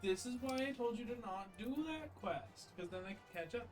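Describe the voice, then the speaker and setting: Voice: medium pitch, animated, a little fast. The streamer's partner joins in the casual gaming chat, teasing playfully. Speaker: streamer's partner, playing along. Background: game music.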